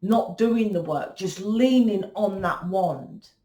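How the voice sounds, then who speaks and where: A tarot reader with a medium-pitched, mellow voice takes her time. She delivers a blunt, confrontational reading, swearing freely and lecturing the listener, in an echoey room.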